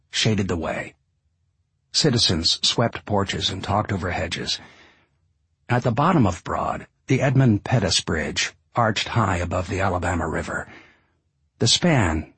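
A man narrating an audiobook in a measured, descriptive way. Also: on the low side, slightly rough, no room sound.

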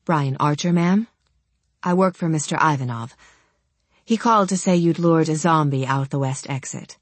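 A man's voice: fairly high pitch, moderate pace, no room sound, lightly acted. A woman voicing a cool, polite male security agent of about forty who speaks formally and calls people ma'am. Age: 40s. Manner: calm, formal, says ma'am. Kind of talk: audiobook character voice.

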